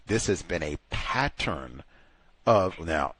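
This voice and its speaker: A man's voice: low-pitched, animated, slow, fairly bright tone, dry recording. A man hosting a call-in advice show, talking emphatically and acting out other people mockingly. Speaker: host.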